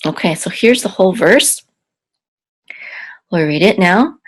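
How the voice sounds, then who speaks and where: A woman teaching a Hebrew reading lesson, patiently sounding out syllables and repeating each word slowly. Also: on the low side, expressive, breathy edge.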